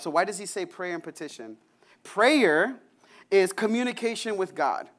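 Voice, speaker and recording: A young man preaches in a loose, conversational way. His voice sits high for a man, and he slips into quick acted-out prayers and friendly chatter. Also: fairly bright tone. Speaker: pastor. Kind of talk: sermon.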